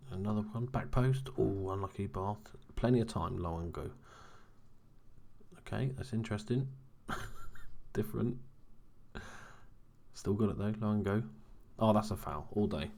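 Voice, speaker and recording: A young man quietly commentating on his own football management game in a casual chat. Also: a little slow, vocal fry, long pauses. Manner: talking quietly, late-night low-key chatter. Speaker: gaming commentator. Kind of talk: casual let's-play commentary.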